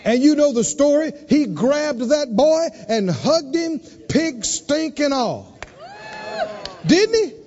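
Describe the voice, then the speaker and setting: Male preacher, sermon, call-and-response, lively, dull reverberant recording. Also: takes it slowly, some chatter behind, a little hiss or hum. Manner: emphatic, call-and-response, dramatic swings in pitch and volume.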